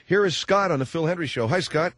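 A man's voice: fairly high pitch, lively intonation, quick pace, fairly bright tone, no room sound. A middle-aged man hosting a radio talk show, chatting with callers in a jokey, rambling way. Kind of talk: casual radio chat. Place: radio studio. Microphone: close studio mic.

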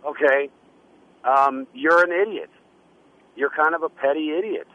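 A man hosting a radio call-in show, talking in a hesitant, halting way with many restarts. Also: fairly high pitch. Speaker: radio talk host. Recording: muffled lo-fi sound.

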